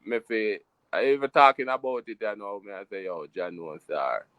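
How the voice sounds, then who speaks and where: A man's voice: on the low side, moderate pace, no echo. Jamaican man telling a story, dry sound. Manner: animated, emphatic patois storytelling. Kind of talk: casual storytelling chat.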